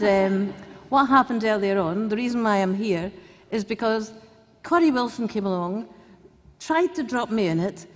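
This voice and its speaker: A Scottish woman with a Glasgow accent speaks from a conference stage, her voice fairly high for a woman. She is blunt, chatty and jokey, with the odd swear word slipping out. The sound carries a long echo from the large hall. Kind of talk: off-the-cuff political speech.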